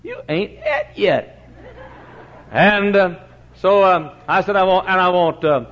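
An older man preaching a sermon in a church, telling stories and swinging from booming shouts to low, quiet asides. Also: expressive, slow. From Texas. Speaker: pastor. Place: church sanctuary. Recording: dull lo-fi recording.

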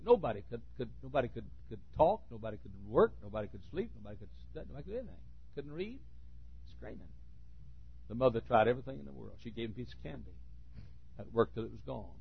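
Preacher man, husky voice, folksy stories, goes quiet then shouts, dull old recording. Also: mid-range voice. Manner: folksy, swings from quiet asides to sudden shouts. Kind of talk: sermon with storytelling.

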